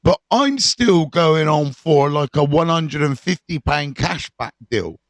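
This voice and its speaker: A middle-aged man, telling his story to camera in a candid, animated way, swearing freely and full of fillers. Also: a little high, a little slow, dry recording.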